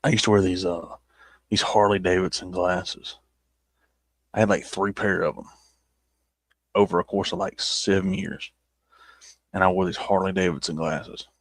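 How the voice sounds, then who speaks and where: Husky Southern man, low and dry. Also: flat delivery, moderate pace, pauses often, no echo. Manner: rambling and self-mocking, with many restarts. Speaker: YouTuber reviewing his old videos. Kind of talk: casual chat.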